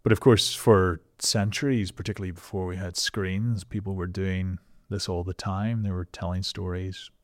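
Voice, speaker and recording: Deep-voiced host, reflective and enthusiastic, dry close sound. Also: male voice, flat delivery, moderate pace, few pauses, dry recording. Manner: reflective, enthusiastic, stumbling restarts. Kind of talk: casual conversation.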